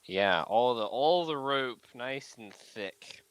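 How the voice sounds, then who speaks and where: A man's voice: medium pitch, expressive, slow, slight background noise, poor audio. A man at a tabletop game who talks freely and playfully. He goes back and forth between table talk and banter spoken as his character. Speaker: player.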